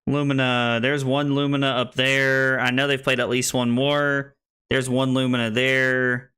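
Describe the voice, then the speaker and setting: A man's voice: mid-range voice, flat delivery, measured pace, bright, forceful tone, smooth. A young American man casually commenting on his card game stream, thinking aloud with many restarts. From United States.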